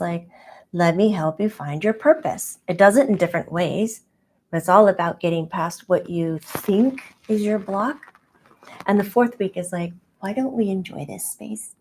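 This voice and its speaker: A woman's voice: medium pitch, dark tone, natural voice. A woman channeling a playful, childlike spirit guide who speaks in a chatty, rambling way with frequent giggles and fillers.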